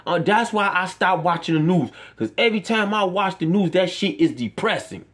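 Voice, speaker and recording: A man's voice: high-pitched, animated, normal speed, hardly any pauses, fairly bright tone, breathy edge. A man, speaking straight to his viewers. He rants with passion and profanity, preaching his point again and again. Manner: impassioned, profane, preachy ranting. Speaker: vlogger. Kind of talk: emotional monologue to camera.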